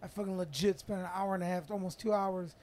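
A man in casual podcast chat, an animated storyteller who swears freely and rambles. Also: sits high, fast.

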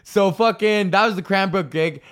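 A man's voice: sits high, moderate pace. A man hosting a comedy podcast, telling a loose, profanity-laced story rant. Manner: swears a lot, loose and animated, fillers and restarts.

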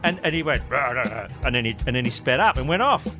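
A man's voice: on the high side, lively intonation, rapid-fire, over music. A man co-hosting a podcast, bantering casually and telling crude, jokey stories. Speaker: podcast co-host.

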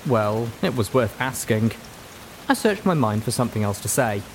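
A man narrating an audiobook story in a measured, dramatic manner. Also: medium pitch, big pitch swings, slight background noise. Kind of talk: scripted narration.

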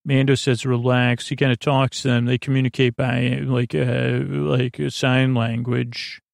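Gravelly, halting man recapping an episode. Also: mid-range voice, flat delivery, no echo, studio quality. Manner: halting, many fillers and restarts. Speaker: podcast host.

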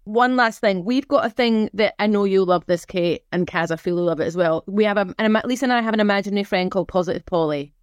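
Animated woman podcast host. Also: mid-range voice, quick pace, hardly any pauses, clear, resonant tone, dry recording, clean studio sound. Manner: animated storyteller, teasing. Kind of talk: casual chat.

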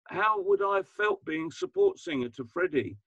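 A man in his seventies, a guest musician, talking reflectively in an interview, self-deprecating and halting with many restarts. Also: sits high, big pitch swings, fairly bright tone, dry recording, muffled recording.

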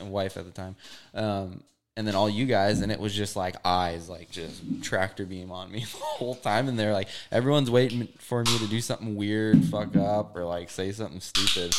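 A man's voice: lowish voice, a little hiss or hum. A man from Hawaii telling a story in a casual, laid-back way, with lots of "like" and casual swearing. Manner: laid-back, heavy use of "like", swears freely. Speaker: podcast guest.

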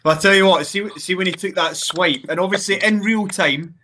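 Man, bright, slightly high voice, rambling guest storyteller on a call. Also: a little fast, slight background noise. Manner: storytelling, lots of restarts, laughs often. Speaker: guest wrestler. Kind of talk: casual podcast chat. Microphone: video call.

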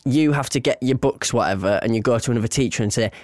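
A young man, co-hosting a podcast, telling childhood stories in an animated, laughing way. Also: medium pitch, quick pace, no room sound. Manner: animated, laughs often, playful storyteller. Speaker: podcast co-host. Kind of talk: casual storytelling chat.

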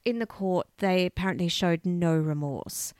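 A woman co-hosting a casual true-crime chat, telling the story in a chatty, animated way. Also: on the low side, normal speed, no room sound, studio quality. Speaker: podcast co-host.

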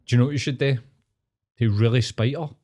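A man's voice: medium pitch, steady tone, warm tone. Bantering Glaswegian man, sweary. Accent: Scottish, Glaswegian. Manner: sweary, banter, quick joking asides. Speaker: podcast co-host. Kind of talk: casual chat.

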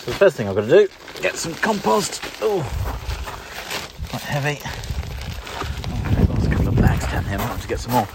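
A man's voice: medium pitch, noisy background. A man hosting a gardening show, chatting wryly and casually while working outdoors in his garden. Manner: chatty, wry and self-deprecating. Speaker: gardening podcast host. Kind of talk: casual walk-and-talk gardening commentary.

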